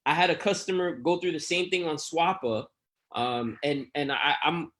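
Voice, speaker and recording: A man with a New York accent, a guest in a casual interview, who tells lively stories and acts out his talks with customers. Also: a little high, normal speed. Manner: animated storyteller who acts out customer exchanges. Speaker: guest phone reseller.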